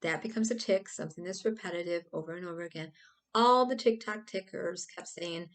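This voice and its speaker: A woman's voice: on the low side, a little fast. Woman rambling through a casual explainer. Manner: animated, rambling, acts out silly examples. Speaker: video host.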